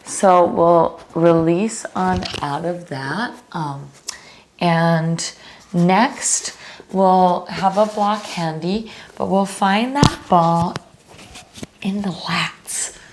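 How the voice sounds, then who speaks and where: Slow, calm woman guiding yoga. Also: lowish voice, a little hiss or hum. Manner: slow, calm cueing with fillers. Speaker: yoga teacher. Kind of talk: guided yoga instruction.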